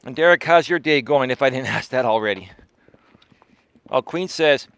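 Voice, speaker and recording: Speaking in a mid-range voice that's animated and a bit bright, this man talks at normal speed with long pauses, and the sound is clean with no echo. He's a life coach and live-stream host giving a casual monologue on foot, emphasizing and repeating words and tacking "right?" onto his lines.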